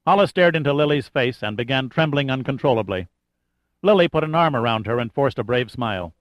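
A man giving steady scripted narration of a thriller audiobook. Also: medium pitch, fairly quick, no room sound. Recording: dull lo-fi dry recording.

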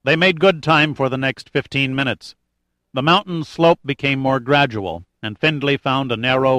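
A man narrating an adventure audiobook in a steady, measured way with light drama. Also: mid-range voice, no room sound. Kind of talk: scripted narration.

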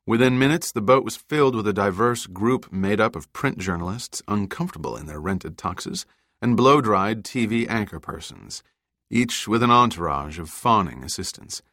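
A man narrating an audiobook in a steady, measured way. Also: on the low side, no room sound, studio quality. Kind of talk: scripted narration.

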